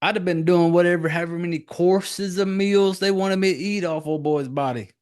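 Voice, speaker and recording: A man's voice: high voice, brisk, clear, resonant tone. A man in his forties, a podcast host, giving a rambling, profane casual recap of a movie.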